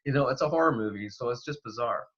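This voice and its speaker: A man from Canada, a paranormal investigator, talking in a rambling, animated way with lots of fillers. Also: mid-range voice, fast talker, slightly rough. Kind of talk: casual interview talk. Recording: dull, lo-fi remote audio.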